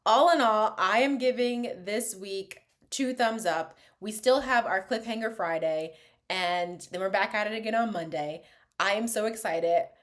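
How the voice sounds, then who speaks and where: Chatty, laughing woman reviewing a show. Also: mid-range voice. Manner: chatty and animated, laughs often, drops to asides. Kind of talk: casual reaction vlog.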